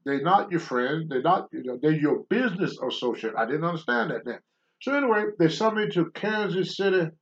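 Man, storyteller, blunt and animated, voice a touch high, muffled lo-fi sound. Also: a little fast. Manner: animated, acts out the voices of the people he quotes; blunt, rough language. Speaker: guest telling stories of his wrestling career. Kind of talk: casual spoken storytelling.

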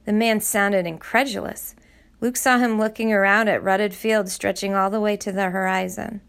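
A woman reads a novel aloud at a middle pitch, her voice carrying a gravelly rasp of vocal fry. She tells the story in a steady, measured way. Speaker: audiobook narrator. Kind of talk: scripted narration.

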